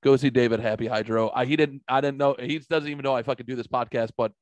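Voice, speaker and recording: A man's voice: medium pitch, steady tone, fast talker, darkish tone, no echo, highs cut off. A middle-aged man from the St. Louis area, hosting a podcast and telling a story in casual, profanity-filled chat. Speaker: podcast host.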